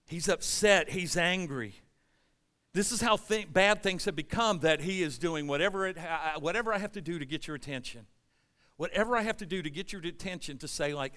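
A man preaching a sermon, reading scripture and explaining it, swinging from loud emphatic stretches to quiet asides. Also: fairly high pitch, moderate pace, long reverb tail. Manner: animated preaching, rising loud at emphasis, dropping soft. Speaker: pastor.

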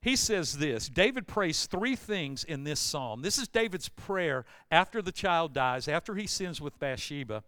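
A man pastor preaching a sermon, retelling a scripture story in plain everyday words and building to loud emphatic bursts. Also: a little high, expressive, unhurried, few pauses, clean tone, dry recording.

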